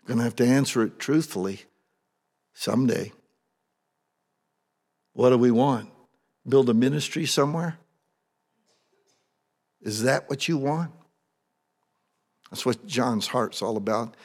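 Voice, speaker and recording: A man preaching a sermon as pastor, with conversational, animated storytelling that builds in excitement. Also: mid-range voice, a little slow, long pauses, long reverb tail.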